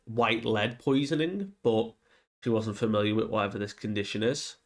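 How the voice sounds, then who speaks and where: A man casually retelling a comic chapter, slipping into quick voiced asides for the characters. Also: mid-range voice. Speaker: manga reviewer.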